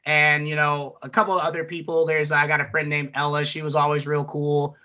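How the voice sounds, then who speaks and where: A man's voice: on the high side, a little fast. A young man, chatting casually as a podcast co-host and telling profane stories. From American South. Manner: animated, profane storytelling with mocking impressions. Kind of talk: casual chat. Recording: dull lo-fi audio.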